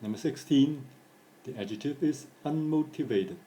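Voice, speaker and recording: A man reading an English grammar lesson as scripted narration, going through word forms in a measured, deliberate way. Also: mid-range voice, animated, dark tone. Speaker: English teacher. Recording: echoey room.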